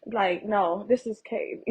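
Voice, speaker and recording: A woman's voice: medium pitch, extremely slow, a little mellow, slightly rough, low-quality recording. A woman filming a walk through a house, talking to her viewers in shocked, profane remarks that sometimes drop to a whisper. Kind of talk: narrated home walk-through video. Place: inside a house.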